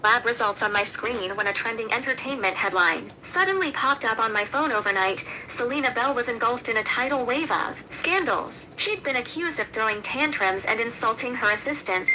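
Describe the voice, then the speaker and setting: A woman reading a dramatic first-person story as narrator in an even storytelling manner. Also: fairly high pitch, slight background noise, rough recording. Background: music.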